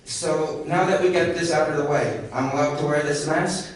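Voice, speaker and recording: A man's voice: fairly high pitch, fairly even intonation, normal speed. A man speaking through a medical mask at public comment in a council meeting, agitated and argumentative, repeating himself. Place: large council chamber. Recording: echoey council chamber, distant mic, faint hiss.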